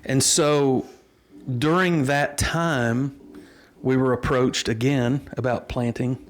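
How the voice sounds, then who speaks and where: A middle-aged pastor with a drawl tells his story slowly and earnestly, picking up again after small restarts. His voice sits at an ordinary pitch for a man and sounds plain and natural. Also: fairly even intonation. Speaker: pastor and interview guest. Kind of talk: storytelling in a casual interview.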